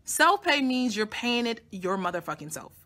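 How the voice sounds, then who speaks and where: A young woman vlogger telling a personal story to her audience in a blunt, profane, animated way. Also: on the high side, normal speed. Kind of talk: casual storytelling to camera.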